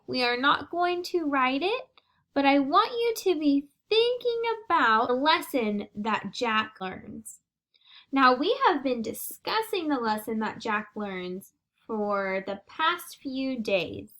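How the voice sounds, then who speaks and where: A woman teacher giving a reading lesson to young children, reading sentences aloud slowly and clearly for them to repeat. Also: sits high, fairly bright tone. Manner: slow, deliberate read-aloud with exaggerated sounds.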